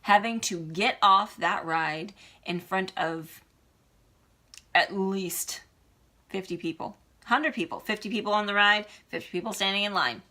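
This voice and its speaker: A woman's voice: mid-range voice, pushed and bright. A woman talking earnestly and emotionally to her viewers, encouraging them in a heartfelt vlog. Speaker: vlogger. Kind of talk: heartfelt motivational vlog talk.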